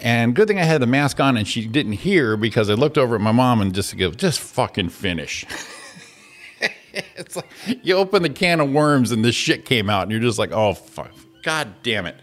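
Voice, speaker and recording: A man's voice: mid-range voice, brisk. A man hosting a morning radio show, telling an exasperated, profane story and acting out the people in it. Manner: exasperated, profane storytelling with animated quoted voices. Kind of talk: casual ranting chat.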